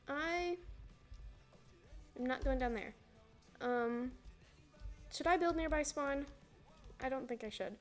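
With a high voice, a slow pace, and long pauses, a young woman livestreams a game. She greets viewers and rambles in easy, casual chat as music plays in the background.

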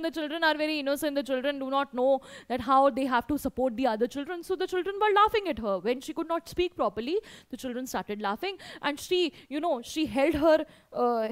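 A young woman with a high voice teaches a story lesson. She says each line, then says it again in simpler words, with lots of fillers along the way. The sound is dry and close, with no room echo. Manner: repetitive, explains and rephrases each line, many fillers. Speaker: English teacher.

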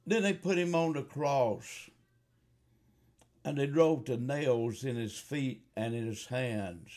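A man preaching a fiery revival sermon, slow at first and rising to loud, fervent appeals. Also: medium pitch. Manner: slow, building to shouted fervor.

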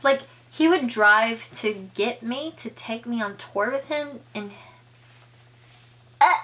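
A woman's voice: slow, a bit bright. A young woman telling a casual storytime on her vlog, chatty, full of filler words, and acting out the lines she quotes. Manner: chatty, filler-heavy, acts out quoted lines with big pitch jumps. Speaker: vlogger.

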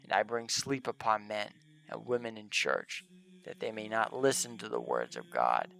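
A man's voice: on the low side, expressive, moderate pace, vocal fry, fairly bright tone. A man voicing a fallen male demon spirit, reading his boastful speech in solemn archaic English. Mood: defiant.

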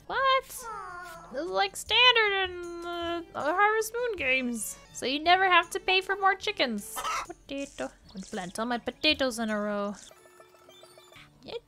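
A woman hosting a casual let's-play, chatty and excitable, gasping and reacting aloud as she plays. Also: very high voice, a little slow, soft background music. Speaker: gaming channel host.

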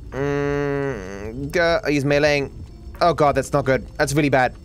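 A man's voice: medium pitch, takes it slowly, soft background music. An Australian man giving live video game commentary, talking anxiously and stammering with repeated words. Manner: anxious, stammering, swings into panicked outbursts.

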